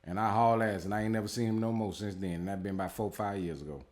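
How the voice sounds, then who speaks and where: A man's voice: fairly low pitch, fairly even intonation, fast, a little mellow. A man in a casual spiritual advice talk as a tarot reader, blunt and heavily profane, rambling and repeating himself with lots of fillers.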